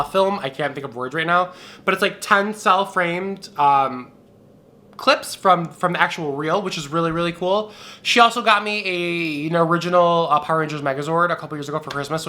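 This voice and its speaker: A man's voice: on the high side, pushed and bright. A young man chatting campily on camera during a drinking game, sassy and irreverent, recorded at home on the camera mic. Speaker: vlogger.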